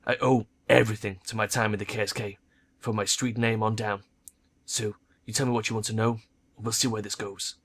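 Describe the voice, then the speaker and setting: A hard-nosed female troll veteran mercenary, as a man puts her on, speaking in curt, clipped, unsentimental lines. The voice is bright and sharp-edged, never softening. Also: fairly low pitch, level tone, brisk. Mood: stern. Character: blunt stern female troll ex-soldier mercenary.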